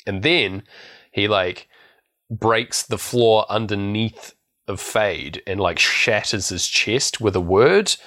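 A man's voice: lowish voice, slow pace, pushed and bright. A man co-hosting a podcast, recapping a film in a rambling, storytelling way and laughing often. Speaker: podcast co-host. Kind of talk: casual film recap chat.

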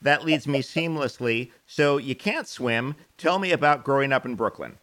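A man from New York hosting a casual interview, playful and self-deprecating with quick jokes. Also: mid-range voice, animated, fairly bright tone. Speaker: podcast host.

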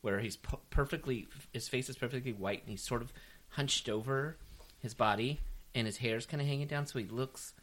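A man's voice: mid-range voice, normal speed, a bit bright. A man wryly recapping a movie scene in casual chat, swearing freely. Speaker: podcast co-host.

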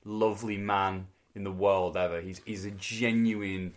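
A man with a fairly low voice chimes in on a casual podcast with quick, dry asides and short agreeing replies. He speaks at a brisk pace, never taking over the conversation. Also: little pitch movement. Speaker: podcast co-host.

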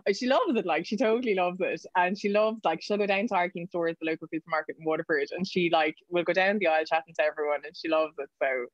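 An Irish woman talks as a podcast guest, racing through chatty stories at a very fast clip. Her voice sits a little low, and she laughs easily. The sound is dull and lo-fi, with no room echo. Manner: chatty, quick anecdotes, laughs often. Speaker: guest, news reporter. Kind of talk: casual podcast interview.

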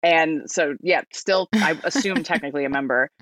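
A New York woman with an American accent tells a story as a podcast guest, chatty and giggly in a casual way. Her voice sits low with a fairly bright tone, at normal speed, and there's no room sound.

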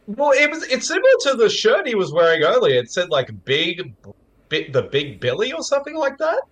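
An Australian man co-hosts a casual movie commentary chat. His voice is fairly high for a man and moves through a wide, lively range. He rambles as he talks, leaning on "like". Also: fairly quick. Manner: rambling, lots of "like".

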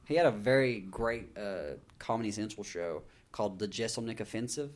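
A man's voice: fairly low pitch, normal speed. A man hosting a casual podcast chat, joking, teasing and laughing often. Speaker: podcast host.

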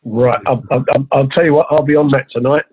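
A man's voice: mid-range voice, fairly even intonation, quick pace. A man hosting a podcast, joking and stammering in casual chat. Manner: joking, stammers over repeated words. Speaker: podcast host. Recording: tinny phone line with faint hiss.

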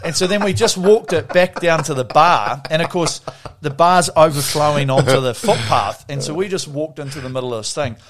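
A man's voice: fairly high pitch, fairly quick, fairly bright tone, a little hiss or hum. Rambling, swearing middle-aged man. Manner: rambling, swears freely, restarts. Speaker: podcast guest. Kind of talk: casual storytelling.

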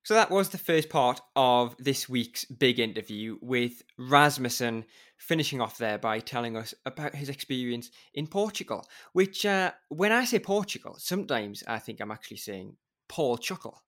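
A man's voice: medium pitch, expressive, moderate pace, fairly bright tone. Playful male podcast host. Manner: playful, teasing. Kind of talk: casual podcast chat.

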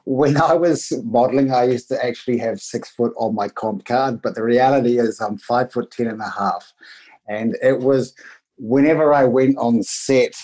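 Guest, New Zealand man, middle-aged, eager and restless, husky mellow tone, video call. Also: medium pitch, moderate pace, rough recording. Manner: energetic, eager, tumbling restarts. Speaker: guest, presenting coach. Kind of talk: casual interview chat.

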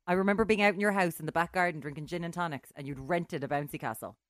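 A woman co-hosting a casual chat, teasing her co-presenter with quick banter. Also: on the low side, no echo, studio quality. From Ireland. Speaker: co-host.

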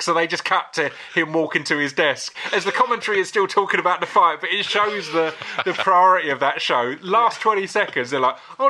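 A man in casual podcast chat, telling animated stories with frequent laughs and stumbles over his words. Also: fairly high pitch. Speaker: podcast panelist.

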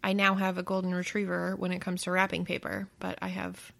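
A woman's voice: on the low side, completely flat delivery, brisk, creaky, fairly bright tone. A woman hosting a casual family chat, asking a child questions in a playful, upbeat way and laughing easily.

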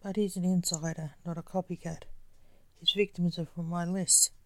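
A woman's voice: lowish voice, fairly even intonation, normal speed, natural voice. A woman reading the lines of Fate, a grave male cosmic power, in a storybook.

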